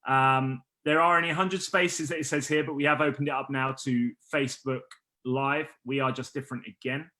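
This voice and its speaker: A man hosting a casual business team call, energetic and rallying, who says he is losing his voice. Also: mid-range voice, fairly quick. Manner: energetic, rallying, restarts often.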